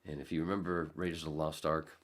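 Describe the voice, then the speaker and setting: A man hosts a podcast, rambling through a story casually while swearing freely and acting out scenes with sudden vocal jumps. His voice is very deep with little pitch movement, and he talks fast.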